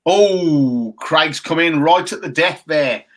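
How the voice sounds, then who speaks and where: Co-hosting a casual live chat show, a man in his fifties reads out viewer comments in a chatty, jokey way. His voice is on the high side and fairly bright, and he takes his time.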